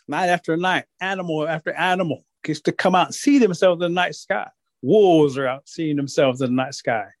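A man telling a folktale aloud with rhythmic repetition and animated delivery. His voice is slightly high. The recording is dry and close with little room sound. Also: no echo. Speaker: storyteller. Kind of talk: oral folktale storytelling.

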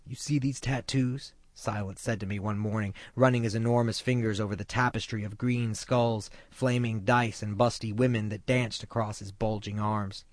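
A man narrating his own memoir of jail life in a measured, somber way. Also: on the low side, fairly even intonation, dry recording. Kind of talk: first-person memoir narration.

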